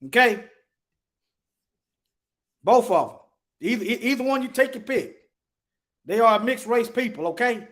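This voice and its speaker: Guy with a high voice talking through stuff on screen, keeps saying look, real emphatic. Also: animated, measured pace, long pauses, fairly bright tone. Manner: emphatic, repeats words and points things out. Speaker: commentator showing on-screen material. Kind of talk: casual commentary.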